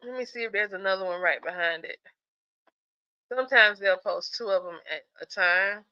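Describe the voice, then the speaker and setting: A woman's voice: medium pitch, moderate pace, sharp tone, clean tone, lo-fi sound. A woman hosting a live stream, chatting casually with viewers about skits, sleepy and yawning as she talks. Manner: chatty, talks straight to the chat, laughs often.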